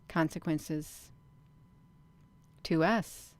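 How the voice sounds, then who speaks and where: A woman's voice: mid-range voice, slow pace, a bit bright, smooth, no echo. A woman hosting her own channel, reading a document aloud and commenting on it casually. She stresses words and repeats phrases, often calling out to viewers as "you all".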